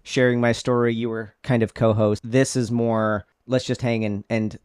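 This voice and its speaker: A man from Utah hosting a casual podcast chat in his home studio, joking around in quick, animated bursts. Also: medium pitch, clean tone, dry recording. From Utah, USA. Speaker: podcast host.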